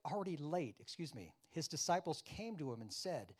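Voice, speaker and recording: A man preaching a sermon, acting out dialogue and questioning his congregation, loud one moment and quiet the next. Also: fairly high pitch, fairly quick, hardly any pauses. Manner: animated, acts out biblical dialogue with wide swings in loudness; addresses the congregation with questions and asides. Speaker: pastor.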